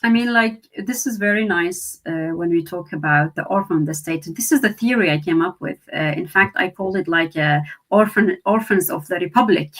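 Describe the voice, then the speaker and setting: A woman's voice: on the low side, fairly quick, few pauses. A woman from Syria, a researcher and therapist, speaking as an interview guest with many restarts and fillers. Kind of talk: interview conversation.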